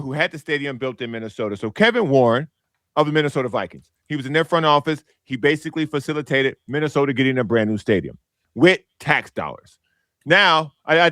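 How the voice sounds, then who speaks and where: A man from Chicago on a sports podcast, telling a story in a lively, mocking way and doing little impressions of people. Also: fairly high pitch, dry recording, clean studio sound. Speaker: podcast panelist. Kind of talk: casual sports chat.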